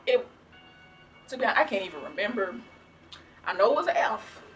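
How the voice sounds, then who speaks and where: A woman's voice: medium pitch, sing-song, fairly quick, soft background music. A young woman from the American South answering viewer questions in a chatty, rambling vlog, full of restarts and "like". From Southern United States. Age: young adult. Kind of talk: casual Q&A vlog.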